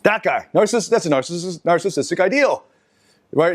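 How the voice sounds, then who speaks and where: Animated man lecturing a seminar. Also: high voice. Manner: animated, halting, many restarts and asides to the audience. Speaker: seminar speaker.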